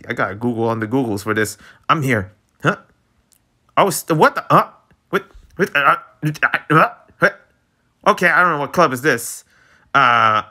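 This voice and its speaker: A young man reading a romance webtoon aloud, breaking off into excited, reactive commentary. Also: medium pitch. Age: young adult. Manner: animated, jumps between reading and excited reactions. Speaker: webtoon reader.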